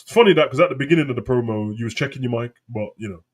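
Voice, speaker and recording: A young man giving casual, mocking live reaction commentary, swearing often and quoting lines in put-on high voices. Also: rapid-fire. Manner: mocking, profane, jumps into high mimicking voices. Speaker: wrestling reaction host.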